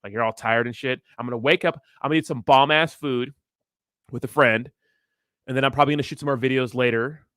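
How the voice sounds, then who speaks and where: A man in his thirties rambles through a casual livestream chat, cursing freely and laughing easily. His voice sits at an ordinary middle pitch, and the sound is dry and close with no room echo. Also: steady tone, fast talker, a bit bright. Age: 30s. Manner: rambling, profane, laid-back, laughs often. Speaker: crypto streamer reading chat.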